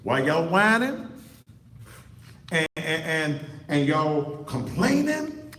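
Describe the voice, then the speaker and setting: Fiery high-voiced man, roomy sound. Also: big pitch swings, slow, fairly bright tone. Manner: preachy, fiery, repeats himself for emphasis. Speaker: online talk show host. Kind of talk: impassioned commentary monologue to camera. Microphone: computer setup facing a monitor.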